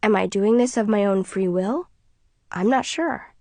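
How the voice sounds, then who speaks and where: A woman narrating an audiobook in the first person, in a quiet, tense manner. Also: medium pitch, unhurried, no room sound.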